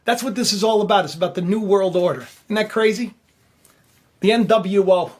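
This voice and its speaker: A YouTube commentary host rambles casually and jokily on his own online show, often repeating himself. His voice is high-pitched and a little fast, with no echo.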